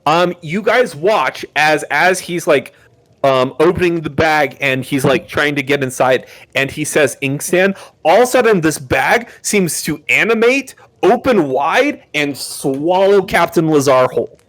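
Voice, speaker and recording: A man narrates a tabletop role-playing game as its game master. His voice sits a little high, and he pauses often with fillers and repeated words while he describes the scene. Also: expressive, fairly bright tone. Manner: hesitant, filler-heavy narration with many restarts.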